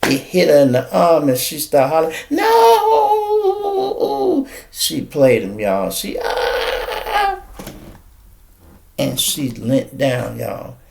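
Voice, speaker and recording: A man, hosting a podcast and retelling a news story in an animated, casual way while he talks straight to his listeners. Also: medium pitch, normal speed, creaky, hardly any pauses, a little hiss or hum. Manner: animated, addresses listeners as y'all. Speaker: podcast host.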